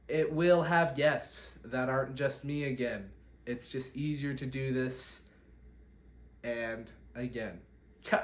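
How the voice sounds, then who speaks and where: Rambling young man in an echoey room. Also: mid-range voice. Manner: rambling, self-deprecating, jokey. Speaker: podcast host. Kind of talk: solo catch-up vlog talk. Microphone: phone. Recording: echoey room, faint background hiss.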